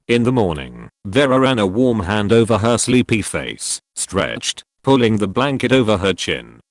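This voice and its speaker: A male audiobook narrator with a low voice that rises and falls in lively swings of pitch. He reads in a measured, expressive way. The sound is dry and close, like a small recording booth. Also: no room sound. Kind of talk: scripted narration.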